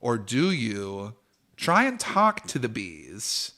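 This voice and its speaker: A man's voice: medium pitch, wildly swooping pitch, slow pace, crowd noise. A man narrating as game master of a tabletop game on a livestream, in a playful way with frequent laughter.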